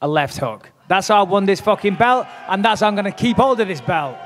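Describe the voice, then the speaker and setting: A man's voice: sits high, expressive, brisk. A man trash-talking at a press conference, brash, profane and taunting. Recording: long hall reverb.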